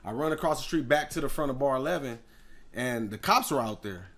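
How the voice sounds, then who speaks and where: A man is in the middle of a long, animated story. He keeps slipping into other people's voices and shouting out sound effects. His voice sits at an ordinary middle pitch for a man. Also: brisk. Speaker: guest rapper.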